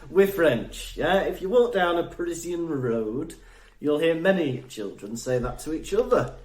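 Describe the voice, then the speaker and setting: A man's voice: on the high side, big pitch swings, moderate pace, a little mellow. A Welsh man co-hosting a podcast, chatting and teasing in a casual way. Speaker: podcast co-host. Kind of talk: casual comedic chat. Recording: roomy echo.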